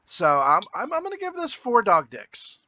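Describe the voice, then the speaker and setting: A man's voice: high-pitched, huge pitch swings, normal speed, sharp tone, no room sound, studio quality. A man co-hosting a podcast, laid-back in casual chat. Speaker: podcast co-host.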